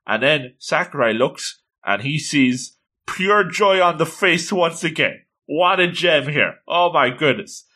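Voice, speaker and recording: A man recaps a comic in an enthusiastic, casual way and often exclaims in delight. His pitch moves a lot and his voice sounds bright and clear. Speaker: manga reviewer.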